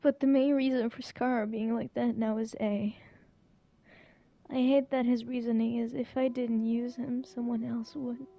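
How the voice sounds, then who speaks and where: A woman's voice: fairly high pitch, flat delivery, a little slow, no echo, muffled recording. A young adult woman streamer reacting emotionally to a game story, tearful and laughing, on a close dry mic.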